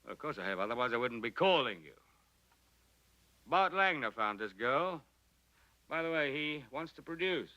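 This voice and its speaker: An actor playing a brash, boastful film director who jokes and laughs on the phone. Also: male voice, medium pitch, sing-song, moderate pace, pauses often, pushed and bright, highs cut off. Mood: bluff. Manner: boisterous, laughing, sarcastic.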